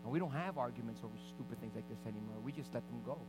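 A man preaching, a pastor telling a personal story in an animated way and acting out the scenes. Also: medium pitch, very fast, noisy background. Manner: animated, reenacts scenes loudly. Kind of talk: storytelling sermon. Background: background music.

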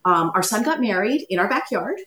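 A woman's voice: medium pitch, animated, a little fast, a bit bright. A middle-aged Canadian woman chatting as a podcast guest, friendly and self-deprecating. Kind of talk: casual chat. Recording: echoey, distant from the mic.

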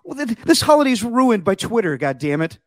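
A man's voice: sits high, big pitch swings, fairly quick, dry recording, studio quality. A man co-hosting a podcast in casual sports chat, jokey and prone to silly impressions. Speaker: podcast co-host.

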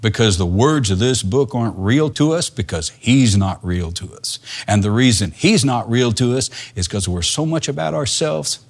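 An older man delivers a sermon in a plain, folksy manner, his voice sitting in an ordinary middle pitch. He moves between quiet, almost muttered asides and raised, emphatic lines. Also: expressive, normal speed, hardly any pauses. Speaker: preacher.

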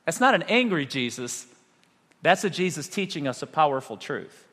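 A male pastor preaching a sermon, animated, with rhetorical questions and dramatic pauses. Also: fairly high pitch, big-room sound.

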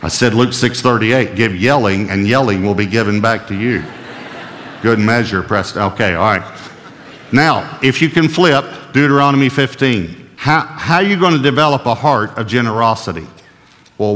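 A male pastor preaching a sermon with emphasis, who slows right down to read scripture and keeps checking with his audience. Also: mid-range voice, a bit bright, long reverb tail.

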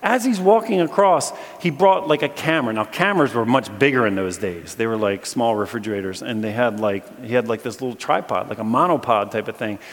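A man preaching a storytelling sermon to a live audience, talking in a casual way full of restarts and turning animated when the story gets exciting. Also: mid-range voice, fairly quick, few pauses. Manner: animated, bursts of excitement when telling stories; conversational, with many fillers and restarts. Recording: long reverb from a large hall.

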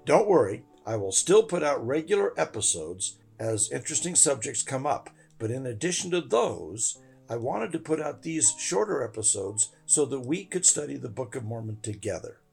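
A man's voice: medium pitch, very animated, normal speed, creaky, a little mellow, breathy edge, soft background music. A man hosting a scripture study podcast, speaking in an earnest, devotional way. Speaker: podcast host.

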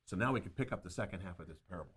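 A man's voice: sits low, animated, very fast, fairly bright tone, slightly rough. A man co-hosting a Bible study discussion, reading scripture aloud and explaining it verse by verse. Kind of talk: teaching discussion.

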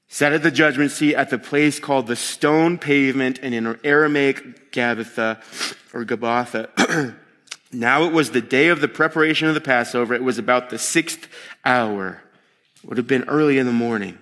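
A man preaching a sermon to a live congregation in a conversational, animated way, with expressive groans of disgust and quick voiced asides. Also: in a large hall. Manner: conversational and animated, acting out quotes with sharp pitch jumps.

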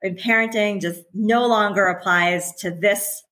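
A woman's voice: mid-range voice, fairly even intonation, unhurried, fairly bright tone, poor audio. Candid, chatty woman in her forties. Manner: candid and chatty, often laughing, with many restarts. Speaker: podcast guest, former teacher and parent. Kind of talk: casual conversational interview.

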